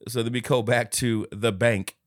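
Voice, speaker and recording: A man's voice: medium pitch, steady tone, normal speed, no room sound, clean studio sound. A man co-hosting a podcast, recapping a movie in casual, profane chat and acting out characters' lines with laughter. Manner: swears often and acts out lines, laughing. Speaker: podcast co-host.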